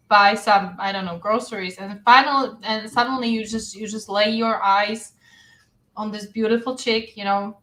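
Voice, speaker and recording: A woman author as a guest in a casual panel chat, talking in halting restarts while she searches for words. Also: fairly high pitch, fairly bright tone, low-quality recording.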